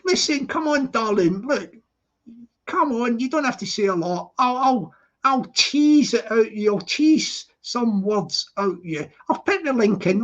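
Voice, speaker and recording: A man's voice: very high-pitched, animated, measured pace, fairly bright tone. A man hosting a casual livestream, chatting to viewers in the chat and teasing them, calling them darling. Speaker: livestream host. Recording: dull lo-fi stream audio.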